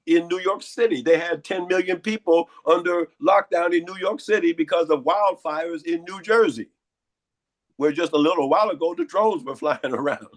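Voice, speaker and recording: A hoarse, congested man giving lecturing interview answers and firing off repeated rhetorical questions. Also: a little high, normal speed. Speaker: guest.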